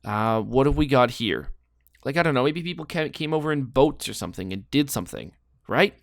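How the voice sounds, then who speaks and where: A man's voice: medium pitch, animated, a little fast, vocal fry, no room sound, studio quality. A man giving casual, rambling commentary while playing a guessing game, joking and thinking aloud. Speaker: gameplay commentator.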